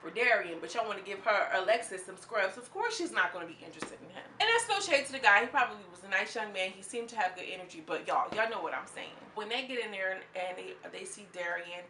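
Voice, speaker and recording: A woman reviewing a reality show in a casual vlog, animated and slangy, with plenty of commentary. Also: medium pitch, fast talker, hardly any pauses, slight background noise. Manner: animated and slangy, acts out quotes in mocking voices. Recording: echoey room.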